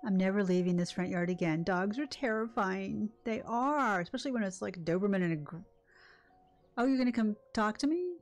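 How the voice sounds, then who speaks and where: A woman's voice: medium pitch, brisk, faint music behind. An older woman hosting a gaming video, chatting casually and reacting emotionally as she plays. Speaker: gaming channel host. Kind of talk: casual let's-play commentary.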